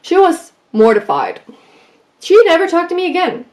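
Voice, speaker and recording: A woman vlogger giving advice in a casual, animated way, telling stories from her school days and acting out what people said. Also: very high voice, moderate pace. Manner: animated, acts out quoted lines. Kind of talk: casual storytelling advice vlog.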